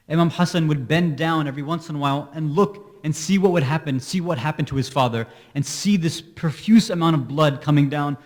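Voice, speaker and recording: A man giving a religious sermon, telling a mournful story and rising into high, emotional wailing. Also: a little mellow. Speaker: speaker at an Islamic center. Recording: long hall reverb.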